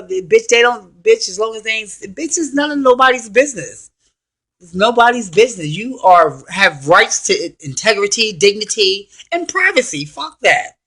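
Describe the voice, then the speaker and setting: Brash, profane diva woman, put on by a man, high and sharp-toned, trash-talking with attitude. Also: heavily acted. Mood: sassy. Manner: loud, profane, sassy trash talk. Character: brash foul-mouthed sassy diva woman. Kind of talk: self-interview persona rant.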